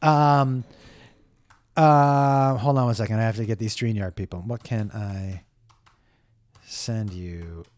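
A man's voice: fairly low pitch, slow, long pauses, dry recording, studio quality. A man hosting a live stream, telling a rambling, profane story to his viewers in a casual way. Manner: animated, profane, rambling with many restarts.

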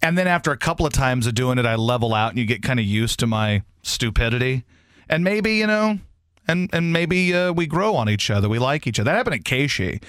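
A fill-in sports talk host who grew up in Baton Rouge, Louisiana speaks a little fast in an animated rant about fans. He swaps stories with a co-host and mocks fans with squeaky, high-pitched put-on voices. It's a dry, studio-quality recording made on a studio microphone.

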